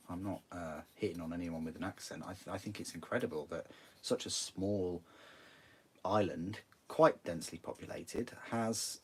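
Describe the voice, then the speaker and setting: Young northern English male hobby streamer, low gravelly-soft voice, chatty and meandering. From northern England. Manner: rambling, chatty, many restarts. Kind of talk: casual chat while building models.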